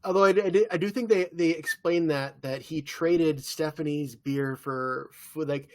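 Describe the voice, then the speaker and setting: A man co-hosting a podcast in casual chat, relaxed and agreeable, often backing up his partner. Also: a little high, moderate pace. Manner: relaxed, agreeable, with frequent short yeahs. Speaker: podcast co-host.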